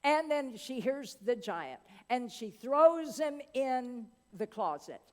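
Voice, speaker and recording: Slow, dramatic woman preacher. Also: fairly high pitch, very animated, darkish tone. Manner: dramatic, with long pauses and asides. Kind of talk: sermon storytelling. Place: church hall. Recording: long church-hall reverb.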